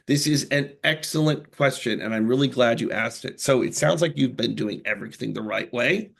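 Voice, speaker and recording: A lawyer from the United States answering questions live, earnest and reassuring, halting often with fillers and restarts. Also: male voice, medium pitch, vocal fry, husky. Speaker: immigration lawyer. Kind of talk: live Q&A explanation.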